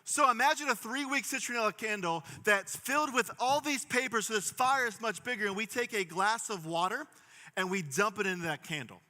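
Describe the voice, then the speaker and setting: A man's voice: high-pitched, fairly quick, bright, forceful tone. A man in his thirties preaching a sermon in a church, telling stories, joking and drawing the congregation in. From Pittsburgh, USA. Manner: storytelling, jokey, works the crowd. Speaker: pastor. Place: large church hall. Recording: long hall reverb.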